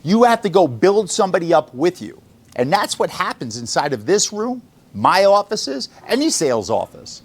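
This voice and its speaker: A man's voice: sits high, very animated, normal speed. A man running a sales office gives a motivational talk to his staff in an office room. He is blunt and swears freely, and he keeps firing questions at the room. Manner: blunt and profane, quizzing the room.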